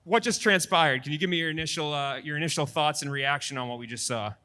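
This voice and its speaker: Rambling male interviewer, bright voice. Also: fairly high pitch, fast talker. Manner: rambling questions with restarts. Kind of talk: post-fight interview questions.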